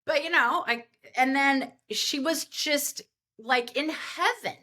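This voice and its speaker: A woman event planner telling party stories as a podcast guest, animated and rambling with lots of fillers. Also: high voice, slow. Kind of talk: podcast interview storytelling.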